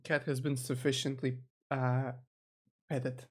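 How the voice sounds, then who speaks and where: Streamer rambling at a desk mic, mid-pitched voice, lots of restarts. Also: little pitch movement, takes it slowly, darkish tone. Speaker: VTuber streamer. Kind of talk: live reaction commentary.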